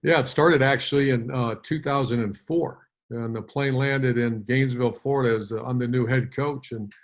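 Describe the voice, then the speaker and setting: A man's voice: mid-range voice, fairly even intonation, normal speed. A man in his fifties, a former head coach, telling a long story in an interview with many fillers and restarts.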